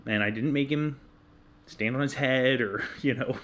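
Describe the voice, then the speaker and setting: A man in his thirties telling a personal story in casual chat, candid and self-deprecating, getting animated when he retells his own yelling. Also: mid-range voice, normal speed. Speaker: podcast co-host.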